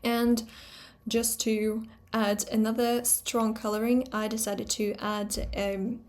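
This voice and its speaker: A woman teaching a pronunciation lesson, thinking aloud with fillers and slowly repeating sounds to show them. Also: a little high, flat delivery, darkish tone. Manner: talks things through aloud, pausing on fillers and repeating sounds slowly to demonstrate. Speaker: phonetics teacher.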